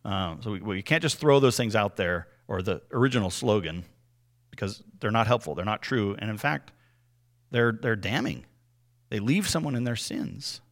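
A man's voice: on the low side, expressive, normal speed. Earnest man teaching the Bible. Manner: earnest, explanatory, often adds "right?" as a tag question.

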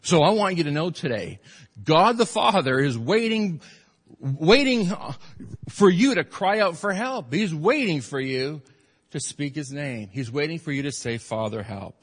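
A man's voice: on the high side, lively intonation, unhurried, breathy edge. Emphatic male pastor preaching in a hall. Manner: earnest, emphatic preaching with repeated phrases. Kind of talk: sermon. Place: church sanctuary.

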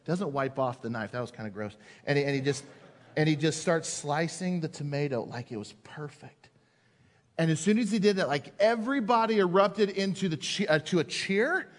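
Guy preaching, tells a funny story and does all the voices, fairly high voice, long echo like a big church. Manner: storytelling, acts out quoted voices, builds to emphasis. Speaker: pastor. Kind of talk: sermon with personal story. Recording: long hall reverb.

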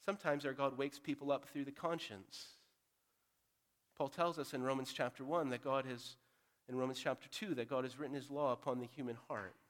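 A pastor preaching an earnest, direct sermon, moving between loud urging and quiet, pressing appeal. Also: male voice, medium pitch, steady tone, fairly quick.

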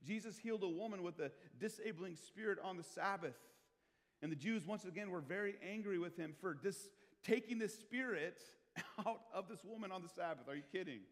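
A man preaching a sermon as pastor, talking in a conversational way, asking the congregation questions and swinging between quiet asides and loud emphasis. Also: high voice, fairly quick. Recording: long hall reverb.

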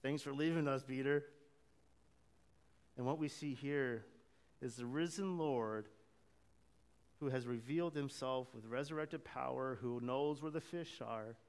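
A man's voice: medium pitch, unhurried, darkish tone, smooth. A man preaching a sermon, acting out the quoted lines and chuckling now and then. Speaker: pastor. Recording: long hall reverb.

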